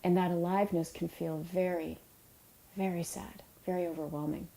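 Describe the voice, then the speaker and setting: A middle-aged woman, an author, giving a reflective talk about emotions in a soft, unhurried and tender way, with pauses. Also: lowish voice, fairly even intonation, vocal fry, low-quality recording. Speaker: author and yoga teacher.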